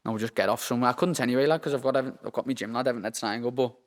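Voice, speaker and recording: In a relaxed interview, a young male pro boxer from Liverpool rambles and swears, saying "lad" again and again. His voice is mid-range and rapid-fire, and the audio carries a long hall reverb.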